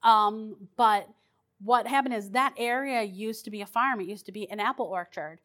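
A woman's voice: medium pitch, moderate pace, fairly bright tone. A woman paranormal investigator telling her stories in a chatty, rambling way, with restarts and fillers. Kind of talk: casual storytelling.

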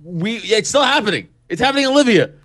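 A man with a high voice that swings widely in pitch talks as a podcast guest. He makes his points with emphasis and fills his sentences with "like." The delivery is casual and conversational. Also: expressive, quick pace, fairly bright tone. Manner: emphatic, uses filler "like". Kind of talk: casual political talk.

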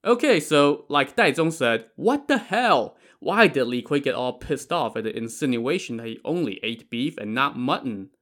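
A man's voice: mid-range voice, lively intonation, normal speed, hardly any pauses, fairly bright tone. A man narrating a classic tale in a casual way, with joking asides. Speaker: storyteller.

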